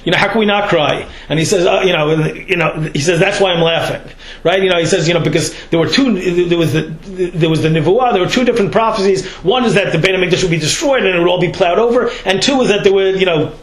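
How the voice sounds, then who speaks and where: A man's voice: high voice, fast talker, hardly any pauses, echoey room, rough recording. A man giving a Torah lecture, talking in a loose conversational way and often checking in with "right?" and "you know". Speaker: rabbi teaching a class.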